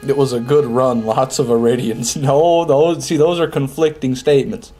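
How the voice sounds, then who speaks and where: A man's voice: mid-range voice, steady tone, moderate pace, warm tone, soft background music. A man chatting casually over live gameplay, reading and answering viewer messages as he plays. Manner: chatty, reads and answers chat. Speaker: streamer.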